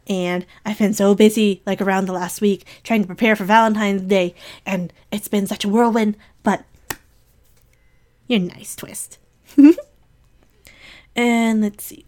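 A woman giving community shout-outs rambles through a casual monologue, gushing with affection, giggling, and sniffling now and then. Her voice is medium in pitch, a little mellow, at a measured pace.

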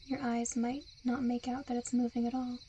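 A woman in a whispered role-play, with a soft, soothing and coaxing hypnotic murmur. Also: on the high side, flat delivery, normal speed, slight background noise. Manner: seductive, coaxing.

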